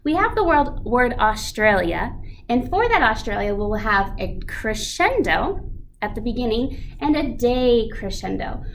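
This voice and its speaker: A woman teaching an elementary music lesson, reading a picture book aloud with animated expression. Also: a little high, measured pace, a little hiss or hum.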